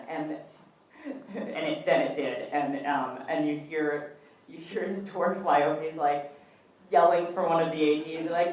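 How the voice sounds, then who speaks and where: Actress, female, low voice, chatty storyteller acting out quotes; distant, echoey hall recording. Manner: chatty, acts out quoted dialogue with fillers. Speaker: actress answering fan questions. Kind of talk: casual anecdote telling at a fan Q&A. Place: event hall before an audience. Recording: echoey hall from far off, faint noise.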